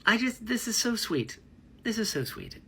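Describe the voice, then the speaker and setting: A man's voice: high-pitched, very animated, moderate pace, gravelly, a bit bright, breathy edge. A man talking casually to camera about a book he is reading, rambling and enthusiastic, laughing at himself. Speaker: book vlogger. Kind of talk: casual book reaction vlog.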